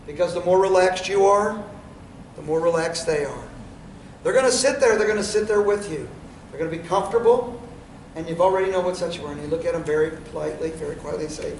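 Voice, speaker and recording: A man's voice: on the high side, fast talker. A man running a sales training session in a meeting room, folksy in manner, talking without a microphone and acting out what to say to customers. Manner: folksy, role-plays lines to customers. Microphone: without a microphone, away from the recorder. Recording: roomy, distant, faint room noise.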